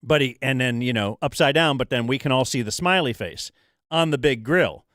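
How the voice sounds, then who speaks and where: A man's voice: mid-range voice, normal speed, a bit bright, no echo, studio quality. A man co-hosting a talk show, telling a rambling story in casual chat with many fillers and restarts. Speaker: radio show co-host.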